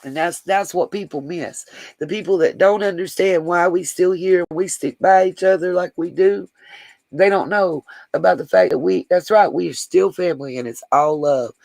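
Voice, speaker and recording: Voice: medium pitch, moderate pace, creaky, darkish tone, no echo, low-quality recording. A man hosting a livestream, chatting casually and affectionately to viewers as he reads their comments aloud. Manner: affectionate, rambling, talks straight to viewers. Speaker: livestream host.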